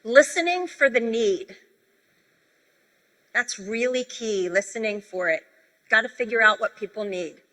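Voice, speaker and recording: A woman gives a sales training talk from a convention stage, chatty and animated as she tells her stories. Her voice is bright and fairly high. The sound rings out in a large hall with a long reverb. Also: measured pace, long pauses. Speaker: convention speaker.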